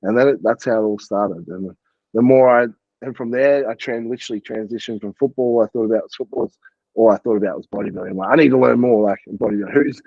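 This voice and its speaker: A man's voice: fairly low pitch, fast, vocal fry, dry recording, lo-fi sound. A man, a podcast guest and coach, chatting casually and rambling with lots of "like" and the odd swear word. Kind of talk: casual interview chat.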